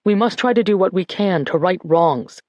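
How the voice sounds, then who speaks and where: A woman voicing a grieving man who gives a slow, measured eulogy at a church funeral. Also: lowish voice, lively intonation, darkish tone, dry recording, highs cut off, natural voice. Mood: solemn, reflective. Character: grieving grandson giving a church eulogy, male adult.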